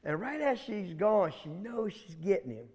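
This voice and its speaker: A man telling a folk tale aloud in an animated, folksy way, talking straight to his listeners. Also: high voice, moderate pace, husky. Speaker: storyteller. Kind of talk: oral folk storytelling. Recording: long hall reverb.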